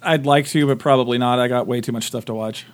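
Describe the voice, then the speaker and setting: A man's voice: mid-range voice, steady tone, fast talker. A man hosting a casual podcast chat, eagerly recommending shows to his co-hosts. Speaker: podcast host and game master.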